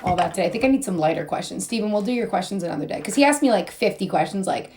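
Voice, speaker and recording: A woman's voice: mid-range voice, animated, very fast, a little mellow, slight background noise. A young woman rambling in a goofy, sing-song way as she chats on a live stream while doing her makeup, her voice a bit strained. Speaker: model and influencer.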